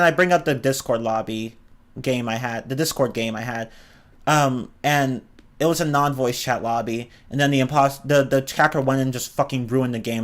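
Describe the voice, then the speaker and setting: A man with a mid-range, fairly bright voice vents about online games as a streamer. The rant is casual and exasperated, packed with swearing, and he keeps stumbling and starting his sentences over.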